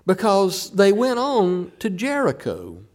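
Guy preaching a sermon, slow and drawn out, voice swinging up and down a lot. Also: high-pitched, huge pitch swings. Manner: retells scripture with acted quotes, dramatic pauses.

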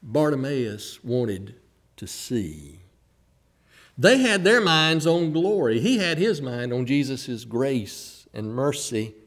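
A man preaching a sermon, retelling a scripture story with acted quotes and dramatic pauses. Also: a little high.

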